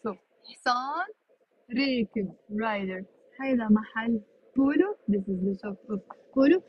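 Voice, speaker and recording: A Lebanese woman with a high, slightly breathy voice gives a walking street lesson into a handheld phone. She names things as she passes, repeats each word slowly and adds chatty asides. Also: lively intonation, highs cut off. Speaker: Arabic teacher. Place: outdoors on a city street, walking. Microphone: phone held in hand.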